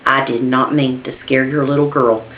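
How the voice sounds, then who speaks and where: A woman voicing a startled old maintenance man of about eighty, speaking in a slow, folksy, apologetic drawl. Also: rumbling low, fairly even intonation, slight background noise, pitched below the performer's own voice. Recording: dull roomy home video recording.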